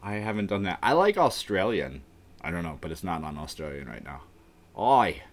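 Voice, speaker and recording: Man, live streamer, casual, rambling, mumbling, lively pitch. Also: a little fast. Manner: rambling, mumbling, talking to himself. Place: warm indoor room.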